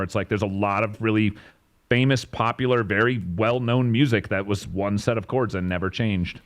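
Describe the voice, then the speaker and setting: Enthusiastic male co-host, lowish voice, casual and emphatic. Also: steady tone, normal speed. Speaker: co-host giving music feedback. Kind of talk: casual live-stream chat.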